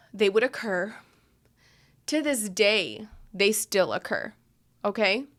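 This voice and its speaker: A woman at a middle pitch with a bright, forward tone hosts a podcast. She tells a personal story in a candid, emphatic way, swearing freely as she goes. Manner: frank, profane and emphatic. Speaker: podcast host.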